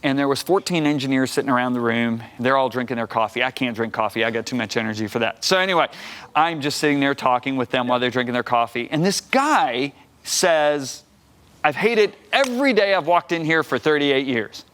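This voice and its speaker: A man's voice: medium pitch, a little fast, fairly bright tone, clear, resonant tone. A man in his sixties, a guest minister on a TV talk show, telling his testimony with energy and acting out the voices of people he quotes. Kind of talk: animated storytelling testimony. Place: TV studio talk set.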